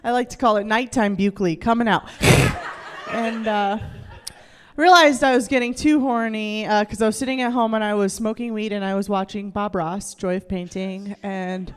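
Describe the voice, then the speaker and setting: A woman's voice: mid-range voice, steady tone, normal speed, clear, resonant tone, in a large hall. A woman doing stand-up on a club stage, crude and candid, laughing at herself often. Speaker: stand-up comedian. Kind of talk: stand-up comedy set.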